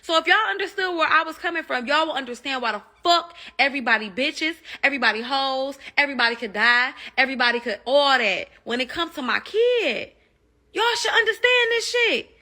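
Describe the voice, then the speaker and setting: An upset mother rants on social media with a bright, sharp voice. She cusses, circles back to the same points and stays heated throughout. Her pitch sits high for a woman. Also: lively intonation, fairly quick, hardly any pauses. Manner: heated, cussing, repeats herself. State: upset and angry. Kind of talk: angry social media rant.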